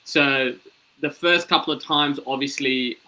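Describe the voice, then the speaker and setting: Male comic guest, thirties, lively storyteller with a bright, forceful voice. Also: mid-range voice, a little slow, poor audio. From Ethiopian, born in Sudan, raised in Australia. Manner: animated, acts out voices in his anecdotes. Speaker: comedian guest. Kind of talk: casual storytelling interview.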